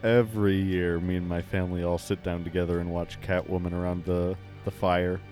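A man hosting an improvised comedy chat in a deadpan, mock-serious way. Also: low-pitched, a little fast, faint music behind.

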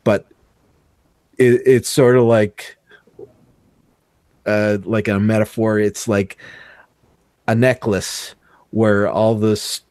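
A man's voice: fairly low pitch, a little mellow, no room sound, studio quality. A man co-hosting a casual podcast roundtable, rambling and repeating words as he thinks aloud. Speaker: podcast co-host.

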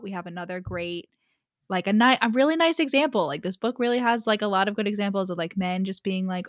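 A woman's voice: on the low side, fairly bright tone, dry recording, studio quality. A woman co-hosting a casual book podcast, recapping the plot in a chatty way, full of "like" and frequent laughs. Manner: chatty, laughs often, heavy use of "like".

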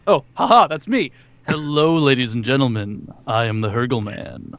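A man's voice: medium pitch, normal speed, fairly bright tone, no echo, dull audio. A man co-hosting a gaming podcast in casual, wry, self-mocking chat. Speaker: podcast co-host.

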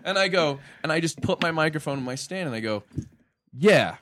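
Animated man telling a comedy story. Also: a little high, fast, slight background noise. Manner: animated, acts out the people in his stories. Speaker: stand-up comedian, podcast guest. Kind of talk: casual storytelling.

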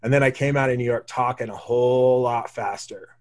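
A man from Wyoming with a light drawl hosts a relaxed conversation. He tells his stories with a lively, anecdotal flow and a voice of ordinary pitch. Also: a little fast. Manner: storytelling, animated impressions of others. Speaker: podcast host, former news station worker. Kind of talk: casual chat.

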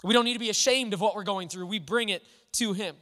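Fast and pushed, his high voice bright, a male pastor delivers a sermon in an earnest, chatty manner with many restarts. Long reverb from a hall surrounds the audio.

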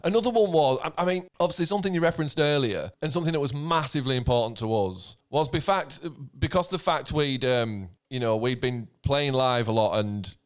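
A man, a band member reminiscing in relaxed chat, swearing freely and laughing. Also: mid-range voice, fairly quick, few pauses. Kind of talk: casual chat.

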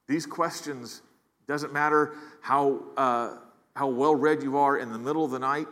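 A man's voice: medium pitch, fairly bright tone. A man preaching a sermon as pastor, earnest, often repeating words as he builds emphasis. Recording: long hall reverb.

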